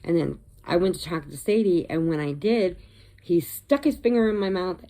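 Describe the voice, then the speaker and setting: A woman's voice: lowish voice, lively intonation, normal speed, warm tone. An older woman from Illinois, chatting casually and rambling on her crochet vlog, laughing often. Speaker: crochet vlogger. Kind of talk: casual chat.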